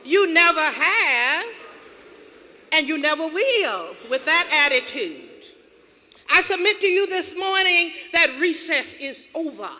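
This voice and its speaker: A woman with a high, bright, forceful voice delivers a motivational keynote at a slow, deliberate pace. Her phrasing rides on rhythmic repetition that keeps building emphasis. Her voice rings through a reverberant auditorium with an audience faintly present. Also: very animated. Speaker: keynote speaker. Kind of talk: motivational speech.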